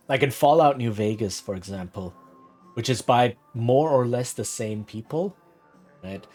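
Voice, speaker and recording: A man streaming a game, chatting casually with many fillers and hedges. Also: medium pitch. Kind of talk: casual gameplay commentary.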